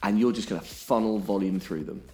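A man's voice: lowish voice, brisk, warm tone. A man explaining things on a podcast in an emphatic way, often checking in with "okay?". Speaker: podcast co-host.

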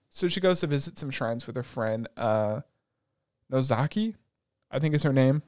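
A young man in casual chat, retelling anime episodes with lots of swearing, and slipping into quick put-on voices for the characters. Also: mid-range voice, dry recording, studio quality. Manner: profane, animated storytelling with quick put-on voices. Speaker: podcast co-host recapping an anime.

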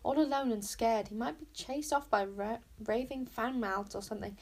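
A lonely young princess pleads in a high, hopeful voice, as a woman reads her aloud. Her tone is soft and wheedling, with a slight gravelly catch, like a storybook read at bedtime. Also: moderate pace. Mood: pleading.

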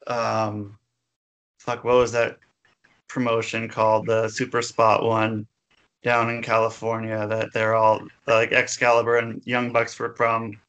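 A man's voice: on the low side, completely flat delivery, a little slow, fairly bright tone, dull audio. A man co-hosting a podcast in laid-back, rambling casual chat, swearing freely. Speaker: podcast co-host.

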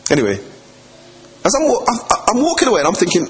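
A man's voice: high voice, huge pitch swings, quick pace. A man preaching a sermon in a conversational, anecdotal way, telling stories with acted quotes. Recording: long hall reverb.

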